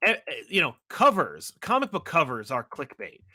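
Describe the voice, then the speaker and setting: A man co-hosting a casual podcast chat, talking in long animated runs with many restarts. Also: on the high side, moderate pace. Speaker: podcast co-host.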